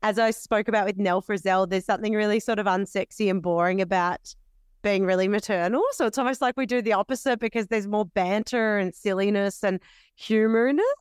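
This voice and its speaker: Smooth-voiced Australian woman, dry podcast chat. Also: mid-range voice, fairly quick, no echo. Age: young adult. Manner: chatty, laughs easily, thinks aloud. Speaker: podcast co-host.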